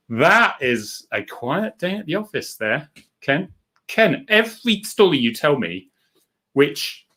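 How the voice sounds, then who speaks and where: A man's voice: medium pitch, a bit bright. A middle-aged man, a former police officer, hosts a casual live stream, chatting and joking as he reads out viewer comments.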